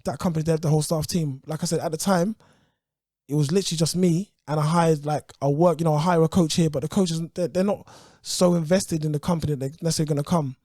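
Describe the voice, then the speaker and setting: A man with a London accent, a podcast guest telling lively stories in casual slang. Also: fairly high pitch, fast talker, dry recording, studio quality. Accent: London English. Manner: animated, acts out quoted voices, uses London slang. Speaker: podcast guest, youth business founder.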